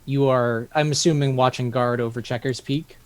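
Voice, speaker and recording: A man narrating as game master of a tabletop game, relaxed and loose, with many fillers. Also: mid-range voice, normal speed, smooth. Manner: relaxed, filler-heavy, laughs easily.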